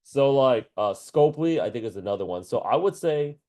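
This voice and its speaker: A man's voice: medium pitch, expressive, brisk, a little mellow. Guy career coach just riffing, laughs constantly, super casual slang, does little voices for people. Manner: laughs often, slangy, acts out quoted voices. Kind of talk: casual chat.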